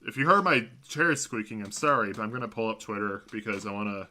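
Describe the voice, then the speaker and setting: Fast, expressive, and pushed bright, a young man's voice on the low side rambles through casual commentary as he streams a video game. Talking to viewers from a home computer room, he corrects himself again and again, recorded on a desk mic.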